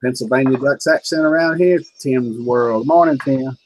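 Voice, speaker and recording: A Kentucky man hosts a casual livestream chat, telling folksy stories and chuckling often. His voice is medium in pitch at a normal speed, and the poor audio carries a little hiss or hum.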